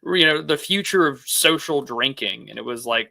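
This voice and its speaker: Gravelly, bright male podcast co-host. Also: medium pitch, expressive, moderate pace, hardly any pauses, dry recording. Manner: loose, hedging, filler-heavy. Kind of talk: casual chat.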